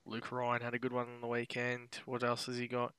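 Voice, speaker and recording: A man's voice: mid-range voice, monotone, a little fast, pushed and bright, smooth, no room sound. A man co-hosting a sports podcast, laid-back, laughing along and reading out listener questions. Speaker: podcast co-host. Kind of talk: casual sports chat.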